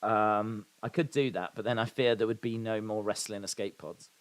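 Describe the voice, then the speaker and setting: A man's voice: lowish voice, fairly even intonation, moderate pace. A man hosting a live watch-along, calling the action and reading viewer comments aloud with dry, sarcastic humour. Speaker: live stream host reacting to wrestling.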